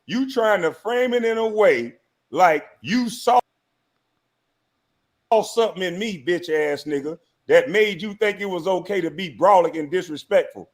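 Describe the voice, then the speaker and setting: A man's voice: high voice, expressive, unhurried. A man in a played clip, arguing angrily on a stream panel and throwing profane insults. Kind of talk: heated argument on a stream.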